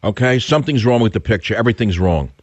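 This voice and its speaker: A man's voice: on the low side, expressive, quick pace, husky, dry recording, dull audio. A man hosting a radio talk show, combative and indignant, firing off rhetorical questions. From United States.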